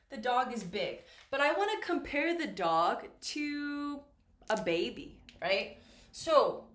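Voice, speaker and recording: Woman, English teacher, slow deliberate delivery, higher voice, roomy echo. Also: a bit bright, a little hiss or hum. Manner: slow, deliberate, repeats and checks with "right?" and "okay?". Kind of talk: classroom grammar lesson at a board. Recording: echoey room.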